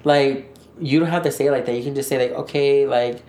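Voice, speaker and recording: A man's voice: medium pitch, steady tone, fast talker, darkish tone. A man co-hosting a loose podcast chat. He talks bluntly, swears freely and acts out what other people said. His voice sits in the middle of the usual range, and the room echoes around it. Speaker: podcast co-host. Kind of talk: casual chat. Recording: roomy echo.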